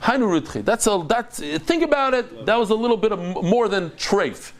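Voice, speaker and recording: A man teaching a Talmud class, lively and acting out the dialogue. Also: moderate pace. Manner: lively, acts out dialogue with big pitch jumps.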